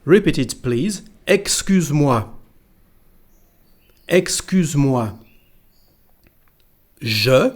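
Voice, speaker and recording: A man's voice: a little high, animated, very slow, pauses often. A man with a French accent, a native French speaker from France, teaching pronunciation patiently and repeating phrases for learners. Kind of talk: slow pronunciation lesson.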